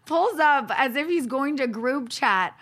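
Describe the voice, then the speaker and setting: A woman's voice: high voice, measured pace. A woman hosting a podcast, telling stories in casual chat and acting out quotes, with lots of "like". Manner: animated storytelling, acts out quotes, frequent "like". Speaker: podcast host.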